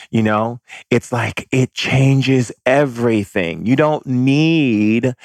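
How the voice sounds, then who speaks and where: Lower-pitched man, spiritual speaker, emphatic and repetitive, dry close sound. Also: no echo. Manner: emphatic, repetitive chanting of phrases. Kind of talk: spiritual monologue.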